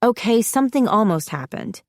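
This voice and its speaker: Upset teen girl, defiant, pleading, pitched up, as a woman narrator plays her. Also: very animated, normal speed, no echo, clean studio sound. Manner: pleading, higher and louder.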